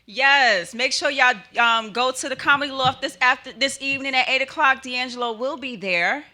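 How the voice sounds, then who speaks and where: A woman's voice: sits high, moderate pace, sharp tone. A woman radio host wrapping up the show in an upbeat way, with filler ums. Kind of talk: show outro announcements.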